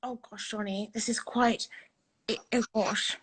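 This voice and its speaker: A young British woman from England, chatting as a guest over a video call from her flat, bubbly, giggly and gushing. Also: on the high side, a little slow. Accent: British English. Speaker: guest, reality show contestant. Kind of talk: casual video-call chat.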